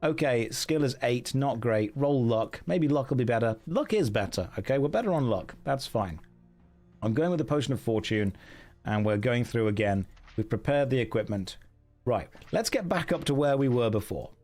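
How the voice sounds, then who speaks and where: A man's voice: medium pitch, animated, moderate pace, a little mellow, soft background music. A man streaming a gamebook, chatting with his viewers about their votes and reading the story passages aloud. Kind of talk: live-streamed gamebook play with chat votes.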